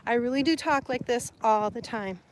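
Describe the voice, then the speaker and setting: A chatty woman from Sonora talks straight to her viewers in a loose live-stream chat. Her voice sits a little high, she laughs easily and gets loud and lively. A faint hiss of noise sits under her voice. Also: moderate pace, rough recording. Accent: Sonoran Spanish influence. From Mexico (Sonora). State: hot and sweating.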